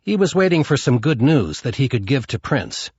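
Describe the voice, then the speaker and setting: A man's voice: medium pitch, very animated, normal speed, darkish tone, husky, dry recording, dull audio. A man narrating a crime novel audiobook in a dramatic storytelling manner. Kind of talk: scripted narration.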